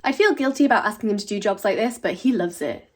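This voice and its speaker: A woman's voice: mid-range voice, animated, quick pace, background noise. A woman vlogging in a cheerful, chatty way from her studio, laughing often. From Scotland. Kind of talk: casual vlog narration. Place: stone outbuilding studio on a remote island. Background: guitar music.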